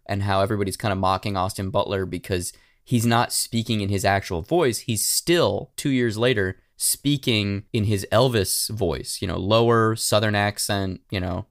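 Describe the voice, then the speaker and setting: A man's voice: lowish voice, no room sound, clean studio sound. A man co-hosting a podcast in casual chat, candid and swearing freely, with plenty of fillers. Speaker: podcast co-host.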